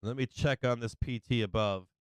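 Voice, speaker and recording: A man giving casual live trading commentary, excitable and profane, often repeating himself. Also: mid-range voice, normal speed, clear, resonant tone, no room sound, poor audio. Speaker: livestream market commentator.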